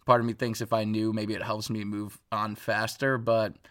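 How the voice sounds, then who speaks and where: A man in his twenties co-hosting a podcast in casual chat, thinking out loud in a rambling, reflective way with many fillers. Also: on the low side, level tone, normal speed. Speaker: podcast co-host.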